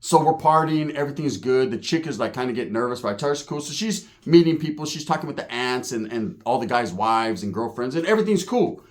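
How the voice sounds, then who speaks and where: A man telling a profane, animated story in stand-up style, acting out the other people in it. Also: mid-range voice, quick pace, hardly any pauses. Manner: animated, profane, acts out voices. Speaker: stand-up comedian.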